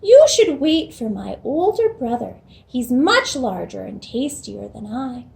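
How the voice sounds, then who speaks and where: A woman's voice: very animated, measured pace, vocal fry, a little mellow, full character voice. A woman voicing the smallest billy goat, a timid young male, in a storytime reading. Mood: pleading. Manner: squeaky and pleading.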